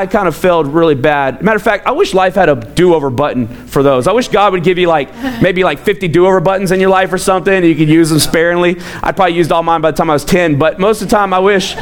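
A man in his thirties preaching a sermon as a pastor, telling personal stories in an animated way with frequent restarts. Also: sits high, fast talker. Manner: animated, storytelling, repeats words.

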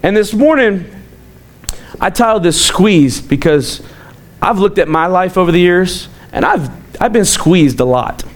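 A man's voice: high-pitched, unhurried. A young adult man preaching a casual sermon, telling stories and acting out the voices of people in them. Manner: animated storytelling, acts out quoted voices, chuckles often. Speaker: pastor.

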